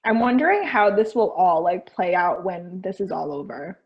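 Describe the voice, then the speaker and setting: A woman in her twenties co-hosting a podcast, agreeable and quick to laugh, often second-guessing herself. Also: fairly low pitch, expressive. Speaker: podcast co-host. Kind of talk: casual chat. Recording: slightly dull lo-fi audio.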